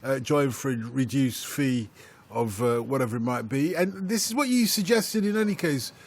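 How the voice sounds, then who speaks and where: A man's voice: medium pitch, animated, moderate pace. A man hosting a radio football phone-in, reading out listener emails and coaxing his pundits with teasing banter.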